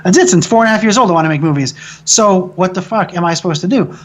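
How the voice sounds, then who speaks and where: Profane animated American man telling a story. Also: high-pitched, fast talker. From American Midwest. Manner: profane, animated, rambling with restarts. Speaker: film director being interviewed. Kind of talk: casual storytelling interview.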